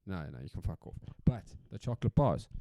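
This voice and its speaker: A man's voice: deep voice, big pitch swings, brisk, dark tone, dry recording, highs cut off. A South African man hosting a solo podcast in a casual, rambling rant, swearing freely and repeating himself for emphasis. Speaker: podcast host.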